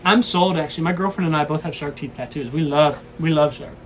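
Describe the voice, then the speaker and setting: A man in his twenties, eager and excitable, showing guests around his sailboat in casual chat. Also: a little high, slight background noise. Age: 20s. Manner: eager, excitable, quick restarts. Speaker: guest giving a boat tour. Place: aboard a sailboat. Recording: busy background chatter.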